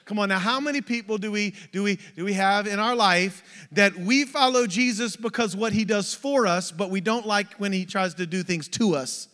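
A man preaching an energetic sermon, exhorting the congregation with rhetorical questions. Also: extremely high pitch, a little fast. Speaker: pastor. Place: church sanctuary. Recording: long church hall reverb.

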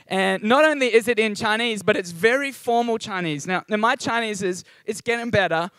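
A man's voice: sits high, a little fast, sharp tone, clean tone, no echo. A young Australian man giving a chatty, upbeat sermon at a church service. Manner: chatty and upbeat, with frequent ums and asides. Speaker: guest preacher.

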